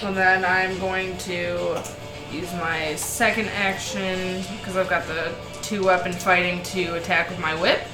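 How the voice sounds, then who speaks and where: Woman player, deliberate and thinking aloud, mid pitch, roomy echo, music underneath. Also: level tone. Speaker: tabletop game player. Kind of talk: casual chat. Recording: echoey room with music behind.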